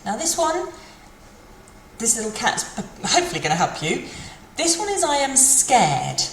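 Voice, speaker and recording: Slow, careful woman teaching phrases. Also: mid-range voice, a little hiss or hum. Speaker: French teacher. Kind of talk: language lesson. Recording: echoey room with faint ambience.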